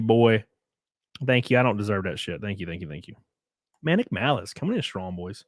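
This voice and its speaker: Male streamer, mid-pitched, casual and crude, gushing thanks to chat, dry room. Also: lively intonation, normal speed, long pauses, no room sound. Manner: loose and profane, effusively thanking viewers. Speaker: streamer and race car driver. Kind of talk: casual livestream chat reading viewer comments.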